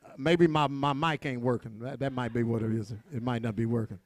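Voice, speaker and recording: A man preaching a sermon to his congregation, with call-and-response, shouted peaks and quiet asides. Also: medium pitch, fairly even intonation, fairly quick. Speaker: pastor.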